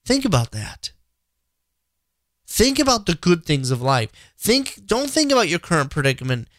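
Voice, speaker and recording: A man's voice: a little high, very animated, moderate pace, a bit bright, no echo. Male podcast host, 30s, earnest devotional talk, stammers and restarts, dry close sound. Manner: earnest, repetitive, frequent restarts. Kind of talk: inspirational faith talk.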